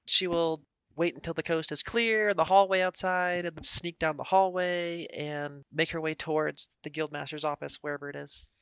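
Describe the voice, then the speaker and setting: A man playing a tabletop game, planning his character's moves out loud. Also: fairly high pitch, steady tone, moderate pace, vocal fry, clear, resonant tone, dry recording, highs cut off. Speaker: player.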